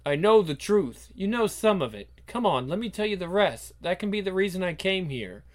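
A man's voice: high-pitched, big pitch swings, moderate pace, voice pushed up. A man reading an earnest young superheroine. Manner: earnest, explaining at length.

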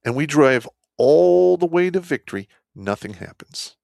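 A man telling a war story as an army veteran in a casual, blunt, heavily profane way, swinging between loud outbursts and low muttered asides. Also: animated, measured pace, vocal fry, dry recording, studio quality.

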